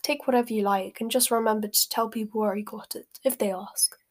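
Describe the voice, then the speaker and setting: Breezy young shopkeeper twin, brisk, lightly high, a woman voicing him. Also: fairly even intonation, close to an everyday voice. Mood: stern. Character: young man, cheerful joke-shop twin. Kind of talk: reading a novel aloud.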